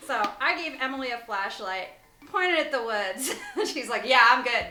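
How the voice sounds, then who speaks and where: A woman with a high, bright voice tells a spooky story as the casual host of her own show. Her pitch swings widely as she laughs her way through it, then sinks to a hush when things get tense. The room around her rings with an echo. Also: normal speed, slight background noise. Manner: animated, laughs often, drops to a whisper at tense moments. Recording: echoey room.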